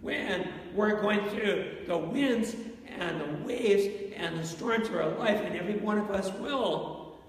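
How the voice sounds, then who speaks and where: A man's voice: sits high, slow pace, far from the mic. A pastor preaching an interactive sermon, asking his congregation questions and telling stories. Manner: asks the congregation questions, storytelling. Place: church sanctuary. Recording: echoey church with long reverb.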